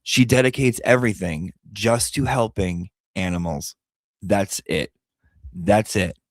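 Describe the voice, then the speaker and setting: A man's voice: on the low side, unhurried, dry recording, clean studio sound. A man telling a personal story casually, candid and emotional, repeating himself and swearing now and then. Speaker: vlogger and pet owner.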